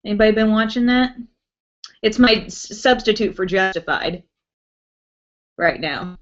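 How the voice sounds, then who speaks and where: Chatting at home on a live stream, a young woman who does beauty vlogging reads out comments, giggles a lot, and lights up at viewers' names. She speaks in a medium, expressive, unhurried voice through muffled, lo-fi webcam sound.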